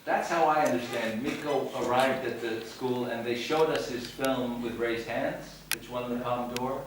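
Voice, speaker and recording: A man's voice: mid-range voice, steady tone, unhurried, noisy background. Man telling a story in an echoey hall. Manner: hesitant storytelling with many restarts. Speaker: film director and teacher. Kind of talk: public Q&A after a screening. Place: screening hall with audience. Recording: echoey hall, mic from far off.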